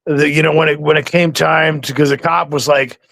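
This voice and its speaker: A male interview host tells a rambling story in a loose, conversational way, with a gravelly rasp in a fairly high voice. The sound is close and dry. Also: level tone, brisk, fairly bright tone, no room sound. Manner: rambling storytelling with many restarts.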